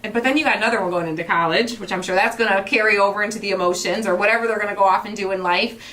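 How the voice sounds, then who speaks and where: A woman's voice: medium pitch, very fast, a bit bright, a little hiss or hum. A woman in her forties hosting a craft show, chatting casually and gushing with emotion. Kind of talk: casual livestream chat while crafting.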